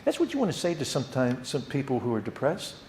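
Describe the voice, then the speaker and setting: A man teaching a theology class at a church. He talks in an animated way and often repeats words. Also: medium pitch, fast talker, roomy sound, a little hiss or hum. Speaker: Bible teacher.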